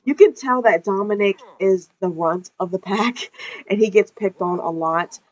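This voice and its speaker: A woman's voice: medium pitch, normal speed, muffled recording. A woman narrating her life-sim gameplay in casual commentary, chatty and profane, often laughing.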